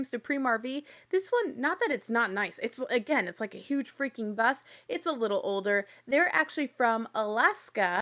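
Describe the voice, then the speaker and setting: A woman casually recapping a reality show, chatty and animated, with quick asides and laughs. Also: a little high. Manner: acts out quoted lines in little voices.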